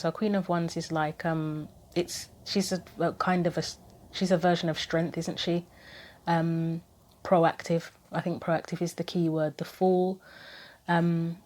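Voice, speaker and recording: A woman giving a casual tarot reading to camera, thinking aloud with frequent pauses, earnest and gently sympathetic. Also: lowish voice, level tone. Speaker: tarot reader.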